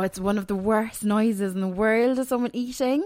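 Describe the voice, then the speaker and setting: A woman co-hosting a casual podcast at home, quick with comebacks and quick to laugh. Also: mid-range voice, darkish tone, no room sound, studio quality. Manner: laughs easily, sparky comebacks. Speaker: podcast co-host. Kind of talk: casual chat.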